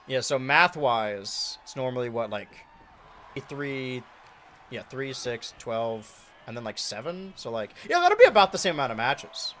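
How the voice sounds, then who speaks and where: A young man streaming and commentating a wrestling video game, excitable, shouting and pleading at big moments and muttering through his math. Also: fairly high pitch, moderate pace. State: out of breath.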